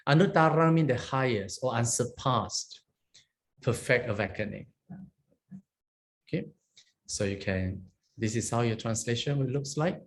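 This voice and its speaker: A man, teaching Pali grammar as a monastic teacher. He explains patiently, often checks in with "huh?" and "okay?", and chants Pali phrases slowly. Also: medium pitch, lively intonation.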